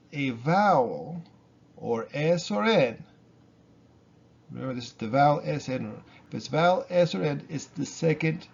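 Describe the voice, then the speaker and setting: A man's voice: on the high side, gravelly, husky, lo-fi sound. A man teaching Spanish pronunciation in a casual spoken lesson, explaining patiently and repeating examples. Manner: relaxed, explains with fillers and repetition.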